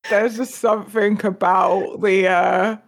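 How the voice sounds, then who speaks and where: A woman's voice: mid-range voice, slow. A woman hosting a live stream, chatting casually, laughing often and reading out comments from chat. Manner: giggly, relaxed, reads chat comments. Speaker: stream host.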